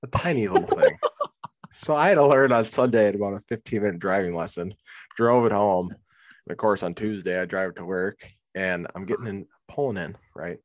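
A man's voice: lowish voice, a little fast, dry recording. A young man co-hosting a sports podcast in casual chat, telling rambling stories and laughing often. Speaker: podcast co-host.

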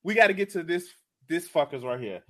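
A man's voice: on the high side, animated, a little fast, pushed and bright. A young man hosting a casual podcast chat who talks with laughter and disbelief. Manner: laughing, incredulous.

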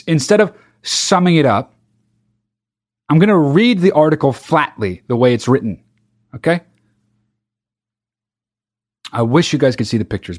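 Profane, animated male podcast host. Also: on the high side. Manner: profane, sarcastic, reads headlines mockingly. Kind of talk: casual comedic podcast rant.

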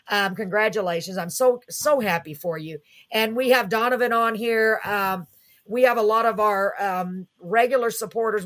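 A woman's voice: medium pitch, a bit bright. Chatty woman host. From Texas. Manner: effusive, chatty, many fillers. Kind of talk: casual live-stream chat.

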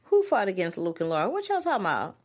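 A woman's voice: mid-range voice, wildly swooping pitch, fast. A woman co-hosting a casual chat show, talking animatedly with frequent laughs and playful exclamations. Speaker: co-host.

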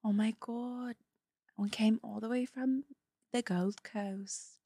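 A woman playing an excited Australian tourist with a put-on Australian accent. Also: on the high side, takes it slowly, slightly rough, no echo, studio quality, exaggerated voice. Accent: mock Australian accent. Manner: excited, giggly improv.

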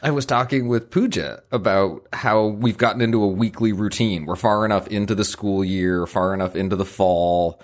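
A man co-hosts a podcast in relaxed conversation. He speaks in an even, measured way with friendly banter, and his voice sits a little low. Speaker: podcast co-host. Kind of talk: casual chat.

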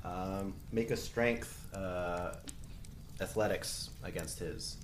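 Male game master, lowish voice, roomy sound with noise behind, easygoing narration. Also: slow. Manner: laughing easily, relaxed narration.

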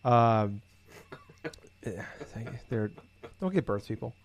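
A man's voice: medium pitch, takes it slowly. A man in casual conversation, telling rambling everyday stories with lots of swearing and filler words. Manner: rambling, profane, animated storytelling. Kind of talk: casual chat.

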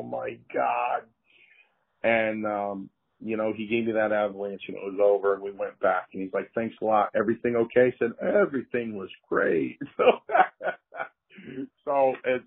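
A man's voice: low voice, husky. An older man, a retired wrestler, telling casual anecdotes and acting out the voices of the people in them. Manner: animated anecdotes, acts out quoted voices. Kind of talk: casual storytelling. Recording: tinny phone-like line.

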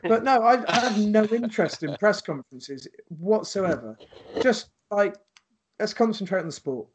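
A man with a slightly higher voice tells a frank, conversational story in a casual chat. He speaks plainly and with some restarts. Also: lively intonation, normal speed, husky. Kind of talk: casual anecdote telling.

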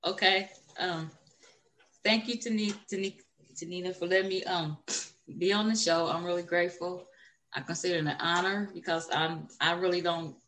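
A woman's voice: lowish voice, fairly bright tone. A woman guest on a talk show, speaking modestly and hesitantly with many fillers. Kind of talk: casual interview talk.

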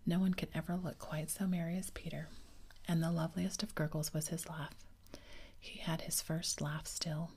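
A woman reading a children's story aloud in a slow, soothing ASMR whisper. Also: sits low, level tone, darkish tone. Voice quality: breathy whisper.

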